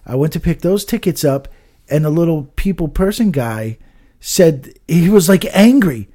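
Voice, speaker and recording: A man's voice: on the high side, lively intonation, moderate pace, mellow. A man chatting casually on a podcast, rambling, swearing often and trailing off with "I don't know.". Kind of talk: casual chat.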